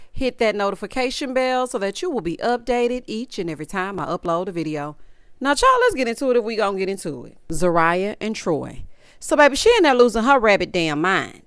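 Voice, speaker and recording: Sassy woman recapping TV, lively voice. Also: mid-range voice, clean tone, dry recording, clean studio sound. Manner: animated, dramatic and sassy, with punchy asides. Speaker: reality TV recap host.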